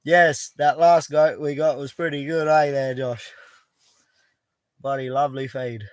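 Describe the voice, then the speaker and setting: Speaking a little slowly in a medium-pitched voice that is steady, clear, and resonant, a middle-aged Western Australian man hosts a casual live chat from an outback bush camp. No room sound is heard, and his manner is blunt and laid-back, with free swearing.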